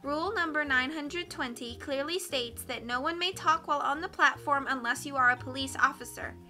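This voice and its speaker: A woman's voice: sits high, moderate pace, sharp tone, soft background music. A woman voicing a bossy young woman on a village council who stumbles over her words. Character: young woman elder laying down rules.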